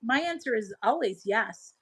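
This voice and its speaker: A woman's voice: fairly high pitch, normal speed, fairly bright tone, no room sound, low-quality recording. A middle-aged woman with a Buffalo, New York accent, hosting a casual live stream and chatting through viewer comments. She rambles, trails off and restarts her sentences. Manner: chatty, reads viewer comments aloud and answers them. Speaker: livestream seller host.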